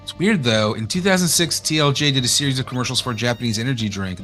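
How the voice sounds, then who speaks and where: A man with an East Texas accent, co-hosting a casual game stream, reading chat aloud and joking with a lively, laughing manner. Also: mid-range voice, quick pace, few pauses, soft background music. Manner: animated, jokey, laughs often, reads chat aloud.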